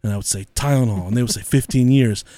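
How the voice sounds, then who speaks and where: A man's voice: mid-range voice, fast, warm tone, no room sound. A man hosting a casual podcast, telling stories in a crude, laughing manner with lots of swearing. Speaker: podcast host. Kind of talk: casual storytelling chat.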